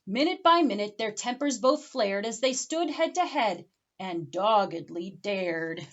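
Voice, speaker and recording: A woman librarian reading a picture book aloud for children at home, with animated, expressive storytelling. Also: medium pitch, unhurried, dull audio.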